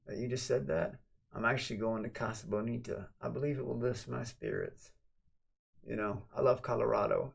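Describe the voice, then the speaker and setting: Gravelly, profane man streaming late. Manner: rambling and profane, swinging from low mumbles to loud excited shouts. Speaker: livestreamer. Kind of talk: late-night casual stream chat.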